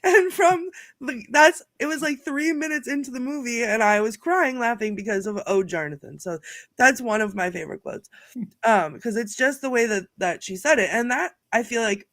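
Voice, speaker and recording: A woman's voice: fairly high pitch, moderate pace, no echo. Woman on a movie podcast, chatty, laughs a lot, retells scenes, dry close sound. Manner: animated storyteller, laughs often. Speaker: podcast co-host. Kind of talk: casual chat about a film.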